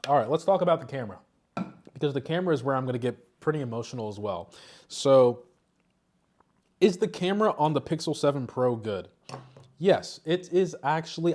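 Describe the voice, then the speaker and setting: A man's voice: medium pitch, no room sound. A man giving a casual tech review, emphatic and frustrated, speaking bluntly.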